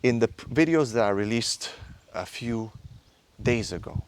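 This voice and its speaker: A man in his thirties giving an impassioned motivational lecture as a men's course instructor, hectoring his listeners with rapid-fire rhetorical questions. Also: medium pitch, animated, clean tone. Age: 30s.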